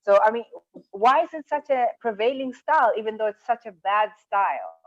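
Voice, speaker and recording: A woman's voice: on the high side, brisk, lo-fi sound. A woman hosting the talk, asking thoughtful questions and searching for words as she goes. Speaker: host. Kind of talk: interview questions.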